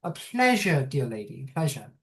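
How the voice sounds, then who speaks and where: A man's voice: fairly high pitch, sing-song, moderate pace. A man voicing a forgetful, grand old gnome matriarch who chatters in a quavering voice. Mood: chatty. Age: older.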